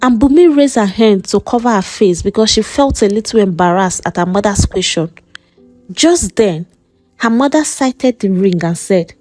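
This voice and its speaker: A woman narrating a folktale in an animated, expressive way. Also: medium pitch, normal speed, no room sound, soft background music. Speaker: storyteller. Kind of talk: scripted story narration.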